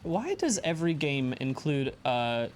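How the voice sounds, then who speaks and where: A woman co-hosting a game stream, chatting in a relaxed, hesitant way with many fillers. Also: low-pitched, unhurried, slight background noise. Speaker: co-host. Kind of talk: casual gameplay chat.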